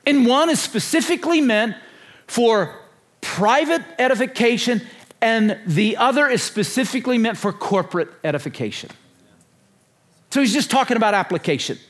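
A man's voice: very high-pitched, animated, normal speed, fairly bright tone. A man in his sixties preaching a sermon to a conference crowd, emphatic and repetitive, stopping often to ask his listeners questions. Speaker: conference speaker.

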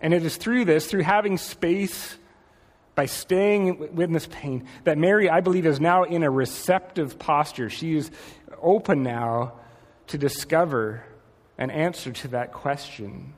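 A man preaching a gentle, reflective sermon, slowing and softening on key phrases. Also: on the high side, big-room sound. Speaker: pastor.

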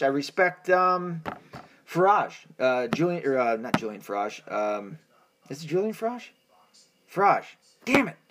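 An American man hosting his own podcast, talking alone in a rambling, profane monologue full of restarts and fillers. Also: mid-range voice. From United States. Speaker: podcast host.

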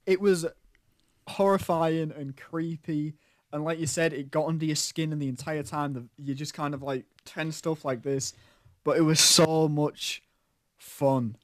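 A man's voice: a little high, fairly even intonation, unhurried, dry recording. Easygoing man, dry close sound. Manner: easygoing, chuckles between remarks. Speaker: podcast co-host. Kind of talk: casual film chat.

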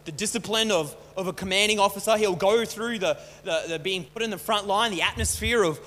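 High-voiced pastor in a reverberant hall. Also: male voice, brisk, bright, forceful tone. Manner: casual, repeats and restarts words. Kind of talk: conversational sermon. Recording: long hall reverb, faint hum.

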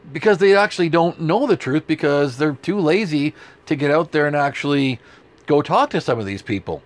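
A man's voice: a little high, brisk. A man from Canada co-hosting a political talk show, speaking emphatically with sarcastic asides. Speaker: podcast co-host.

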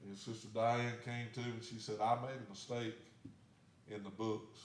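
A man's voice: on the low side, level tone, normal speed, reverberant. A man, a pastor telling a story in a sermon in a plain, folksy way. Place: church sanctuary.

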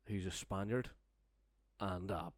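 A young man spins a meandering, foul-mouthed anecdote in relaxed podcast chat. His voice sits low, and the sound is dry and close with no room around it. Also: takes it slowly, no echo. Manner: rambling, sweary, laughing storyteller. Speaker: storyteller guest.

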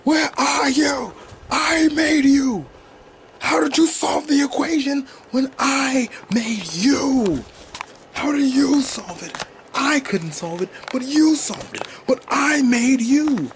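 Screechy crying villain scientist, high and raspy, noisy background. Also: male voice, exaggerated voice. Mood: anguished. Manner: shrieking, anguished, slowed. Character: wailing high-pitched villainous scientist creator. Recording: noisy home recording.

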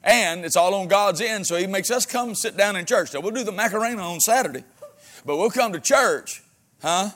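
High-voiced, animated preaching pastor. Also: male voice, normal speed. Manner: animated, shifts from loud exhortation to quiet asides; folksy humor, frequent amens and praise interjections. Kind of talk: sermon.

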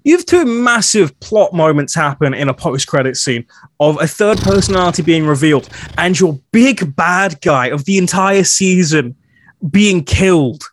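Man, podcast co-host, frank opinionated recap, fairly high voice, dry close sound. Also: lively intonation, normal speed, no room sound. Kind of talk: casual recap chat.

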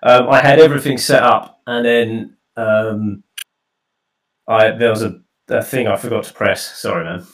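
A man's voice: fairly low pitch, steady tone, unhurried, reverberant, distant mic, poor audio. A man co-hosting a radio show, chatting casually and rambling, often correcting himself. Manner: rambling, self-correcting, playful. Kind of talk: casual chat.

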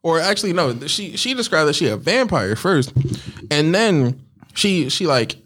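A man's voice: a little high, very animated, moderate pace, a bit bright. Male co-host, casual slangy storyteller, laughs easily. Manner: laid-back slangy storytelling, acts out lines, laughs often. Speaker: podcast co-host. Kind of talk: casual comedic chat, retelling a plot.

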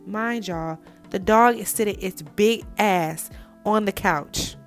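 A woman's voice: mid-range voice, takes it slowly, soft background music. A young woman telling a story in a casual, candid way, with blunt slang, talking straight to her listeners. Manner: animated and candid, addresses listeners as "y'all"; blunt slang-heavy speech.

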